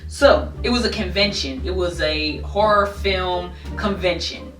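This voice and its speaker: A young woman telling a casual storytime, animated, bursting into high squeals when she quotes herself. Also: measured pace, far from the mic. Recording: echoey room, voice a bit off-mic, faint music behind.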